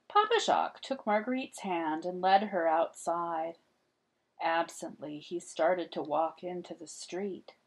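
A woman reading a children's picture book aloud as an expressive storyteller. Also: on the low side, a little slow. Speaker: storybook reader.

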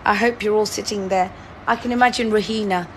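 A woman's voice: mid-range voice, fairly even intonation, fairly quick, background noise. A woman, hosting a live-stream word-guessing game in a chatty, teasing, playfully dramatic way. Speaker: livestream host.

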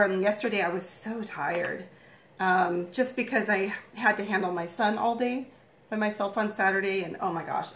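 A woman's voice: medium pitch, fairly bright tone, a little hiss or hum. Chatty lady w morning voice doing her makeup live at home, rambly, kinda echoey. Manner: chatty, rambling, with frequent fillers. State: morning voice, throat-clearing. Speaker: makeup vlogger, live stream host. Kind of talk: casual live makeup tutorial chat.

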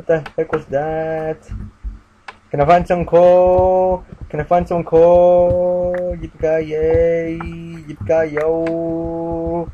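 A man's voice: sits high, flat delivery, slow. A man giving casual gameplay commentary, muttering to himself and chanting sing-song refrains. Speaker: gamer. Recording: dull lo-fi mic with light noise.

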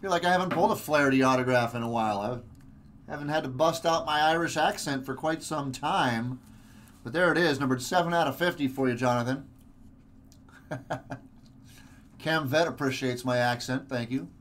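A man's voice: mid-range voice, moderate pace, pauses often, a bit bright, slight background noise. A man hosting a live card-break stream, giving chatty, upbeat commentary as he opens packs. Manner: chatty, upbeat, many fillers.

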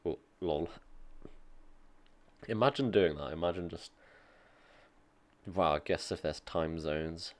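A man with a low voice reads a technical article aloud and reacts as he goes. His remarks are casual and dry, mixing quick asides with plain reading. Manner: reads aloud and comments offhandedly, dry jokes. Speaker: tech streamer reacting to an article.

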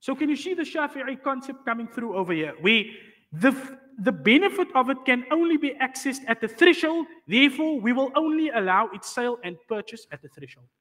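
A man's voice: extremely high pitch, lively intonation, a little fast, bright, forceful tone, big-room sound. A man teaching a class on Islamic law, explaining patiently and often asking the students whether they follow. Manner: explains patiently, checks understanding with rhetorical questions.

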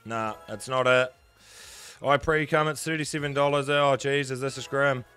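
A man's voice: mid-range voice, fairly even intonation, normal speed, pushed and bright, smooth, soft background music. A young man with a New Zealand accent, chatting casually and swearing often while he live-streams slots and answers his chat. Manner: swears a lot, banters with chat. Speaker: gambling streamer.

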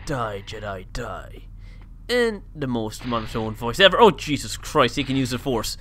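Guy doing let's play commentary, bright voice, jumps all over, game music behind. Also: medium pitch, moderate pace, a little hiss or hum. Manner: joking, self-mocking, swings from quiet mutters to excited outbursts. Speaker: gameplay commentator.

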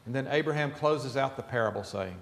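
A man's voice: mid-range voice, a little fast, roomy sound, big-room sound. A man pastor preaching an earnest, emphatic sermon in a church sanctuary.

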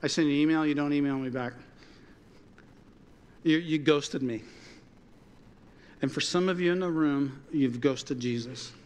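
Animated preaching man in a reverberant hall. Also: fairly high pitch, a little slow, pauses often, smooth. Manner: animated, conversational preaching with quoted dialogue. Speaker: pastor. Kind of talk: sermon. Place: church sanctuary.

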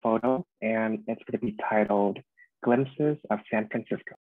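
A man hosting a symposium, slowly introducing the next speaker. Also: fairly low pitch, fairly even intonation, dry recording, phone-quality sound. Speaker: event host.

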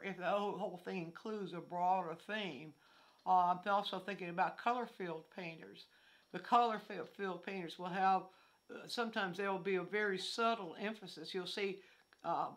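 An older woman giving an art lesson outdoors, her voice at an ordinary middle pitch. She thinks aloud, circling back and restarting her sentences with plenty of fillers. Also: a bit bright. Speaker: art teacher. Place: outdoors among fallen leaves.

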